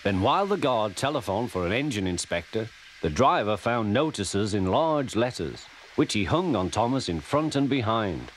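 A man from England with a Liverpool accent narrating a children's storybook in a lively manner, on old tape audio. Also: on the low side, moderate pace, noisy background.

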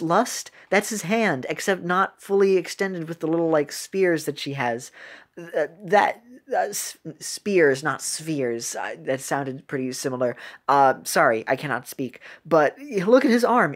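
Excitable rambling woman commentator. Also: lowish voice. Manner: rambling, excitable, stumbles over words. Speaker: video commentator. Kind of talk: casual reaction commentary.

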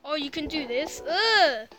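A woman commenting on a physics game she is playing, excitable and teasing, trash-talking the crash dummy on screen. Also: high voice, takes it slowly. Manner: excitable, shouts and trash-talks the game character. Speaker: gameplay commentator. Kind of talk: excited let's-play commentary. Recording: loud game music behind.

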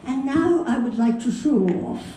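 An older woman tells chatty, fond stories as a panel guest, her voice mellow and a little high. She sounds distant from the mic, with a big echoey convention hall around her. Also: lively intonation, normal speed, a little hiss or hum. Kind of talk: storytelling anecdotes.

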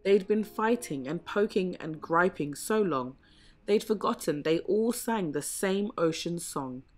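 A woman reading a rhyming picture book aloud in a gentle, measured way. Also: fairly low pitch, expressive. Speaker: storybook reader. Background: soft background music.

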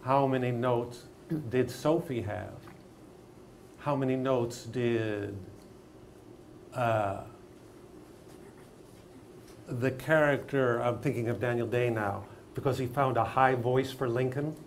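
An older man teaching acting, talking in an animated, emphatic storytelling way. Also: medium pitch, takes it slowly, long pauses, slight background noise. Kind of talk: masterclass discussion.

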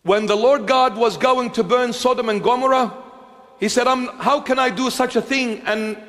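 A bishop preaching a sermon in a church, repeating phrases emphatically and swinging between hushed, intimate lines and raised ones. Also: male voice, very high-pitched, steady tone, moderate pace, long reverb tail.

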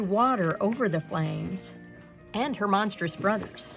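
A woman's voice: medium pitch, expressive, a little slow, gravelly, faint music behind, rough recording. A woman reading a children's picture book aloud expressively. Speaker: storybook reader.

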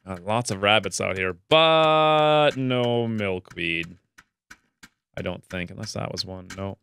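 Excitable man narrating his gameplay. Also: slow pace, vocal fry, clear, resonant tone. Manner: chatty, excitable, jumps to high pitch when delighted. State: stuffy nose. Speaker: let's play gamer. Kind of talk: casual gameplay commentary.

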